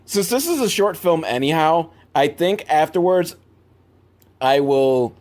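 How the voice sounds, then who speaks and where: A young man giving a comedic movie recap, rambling and sarcastic, with sudden jumps in pitch. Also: lively intonation, a little slow, a little mellow. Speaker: movie reviewer.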